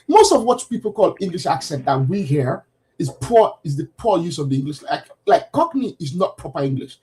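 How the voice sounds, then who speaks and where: A man in a casual panel chat, speaking high and with a lot of movement in his voice. He argues his points and keeps asking the others questions. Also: very animated, fairly quick, a little mellow, slight background noise.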